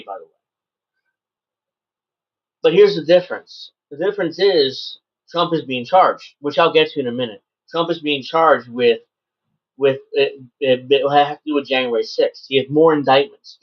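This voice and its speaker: A man's voice: a little high, moderate pace, lo-fi sound. A man hosting his own show, ranting bluntly and sarcastically, with plenty of swearing, about a podcast clip he plays. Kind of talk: casual solo commentary.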